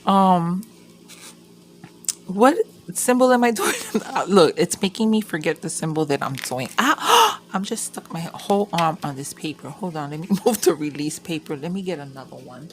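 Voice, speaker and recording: A woman with a lowish voice chats casually at her craft table, rambling through a story and cursing freely. A faint hiss of background noise sits under the recording. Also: animated, normal speed. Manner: rambling, swearing, laughing storyteller. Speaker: crafting vlogger. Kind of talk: casual chat while crafting.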